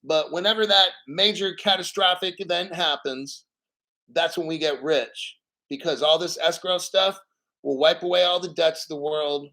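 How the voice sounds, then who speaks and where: A man's voice: a little high, steady tone, moderate pace, bright, forceful tone, low-quality recording. A man hosting a crypto livestream, ranting with heated rhetorical questions and frequent swearing.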